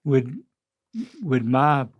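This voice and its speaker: An older man with a Southern North Carolina accent, co-hosting a casual chat in a slow, rambling way. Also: mid-range voice, fairly even intonation, dry recording. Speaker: co-host.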